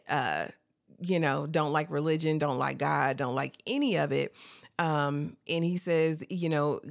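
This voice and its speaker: Casting note: woman, casual and animated TV recapper, a bit low-pitched. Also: gravelly, no room sound, studio quality. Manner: chatty, animated, laughs often, calls listener honey. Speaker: TV recap host.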